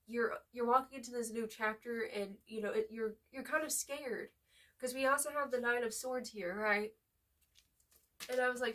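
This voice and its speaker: A woman with a slightly high voice gives a tarot reading in a loose, casual way, swearing freely and calling the listener pet names. She turns emotional, near tears at times. She sits a little back from the mic. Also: a bit bright, far from the mic. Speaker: tarot reader.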